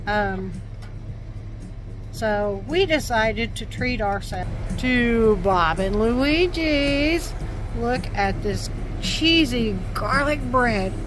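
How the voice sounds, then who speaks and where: A woman talking casually as a vlogger, chatty and unhurried with many fillers. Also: a little high, lively intonation. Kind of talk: casual vlog narration. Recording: loud music under the voice.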